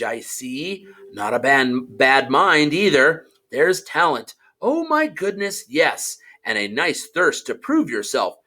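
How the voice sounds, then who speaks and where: A man's voice: mid-range voice, full character voice. A man voicing a shrewd, musing old magic hat. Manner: soft, deliberating, coaxing. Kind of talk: audiobook character voice.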